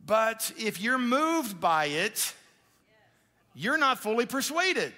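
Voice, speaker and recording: A male pastor preaching a sermon in a conversational, animated way, with quick asides to the congregation. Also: very high-pitched. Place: church auditorium. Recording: live church hall with long reverb.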